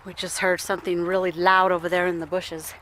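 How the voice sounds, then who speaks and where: Walking an outdoor trail with her family, a young woman narrates a casual vlog, a bit out of breath, chatting, laughing often and cooing to her toddler. Her fairly low voice moves little in pitch, runs fairly quick, and has a fairly bright tone. The low-quality recording has slight background noise.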